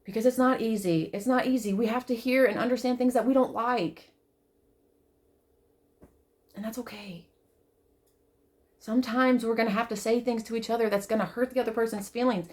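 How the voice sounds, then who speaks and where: A woman talking straight to camera in an emotional personal monologue, swearing often, repeating herself, and swinging from loud outbursts to soft, quiet pleading. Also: fairly high pitch, fairly even intonation, moderate pace, pauses often. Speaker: vlogger.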